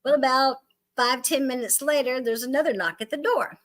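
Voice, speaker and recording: A woman's voice: high-pitched, normal speed, a bit bright. A woman co-hosting a casual chat, telling a joke in a giggly, rambling way and losing her place. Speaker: podcast co-host.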